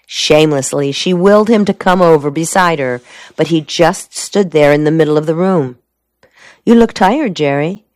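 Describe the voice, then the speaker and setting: A woman narrating a novel in a measured, even storytelling manner. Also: deep voice, no echo. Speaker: audiobook narrator. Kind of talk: scripted narration.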